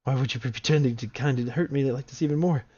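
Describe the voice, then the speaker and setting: A man voicing a distraught young female game character, reading her dialogue aloud in a raised falsetto over dull lo-fi stream audio. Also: quick pace, a little mellow, close to an everyday voice. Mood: accusing.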